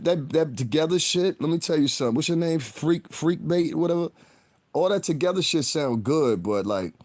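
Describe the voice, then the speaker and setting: A man's voice: mid-range voice, darkish tone. A male livestreamer with a mid-range voice, talking in a loose, rambling rant to his chat. He is blunt and combative and swears constantly. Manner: blunt, combative, heavy cursing; rambling, talks straight to viewers. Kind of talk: profane live-stream rant.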